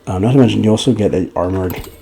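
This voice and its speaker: A man's voice: fairly low pitch, quick pace, gravelly, mellow, a little hiss or hum. A young man giving casual, rambling gameplay commentary for a fighting-game guide, a little out of breath. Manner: rambling, loose, with many fillers and restarts. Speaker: gaming guide creator.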